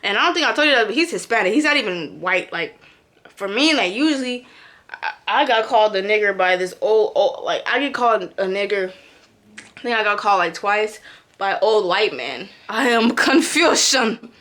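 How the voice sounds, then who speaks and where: A young woman casually telling a story from her job, acting out her own lines with sudden jumps in pitch. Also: normal speed. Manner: animated, acts out quotes with big pitch jumps. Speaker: vlogger.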